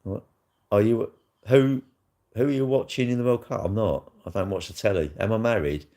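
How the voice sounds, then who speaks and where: A man's voice: lowish voice, normal speed, warm tone. A middle-aged man, rambling bluntly and crudely in a casual livestream chat, tossing in tag questions as he answers comments. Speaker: livestream host.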